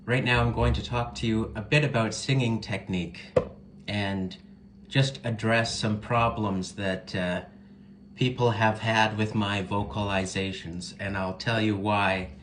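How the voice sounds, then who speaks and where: Weathered-voiced man ranting slowly outdoors. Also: on the low side, steady tone, fairly bright tone, slight background noise, rough recording. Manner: frustrated, emphatic, rhetorical questions. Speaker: singer and video creator. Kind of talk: casual vlog rant.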